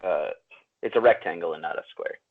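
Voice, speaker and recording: Low voiced guy explaining stuff plainly, sounds like he's on a phone line. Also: a little fast, slightly rough. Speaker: podcast co-host. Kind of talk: casual chat.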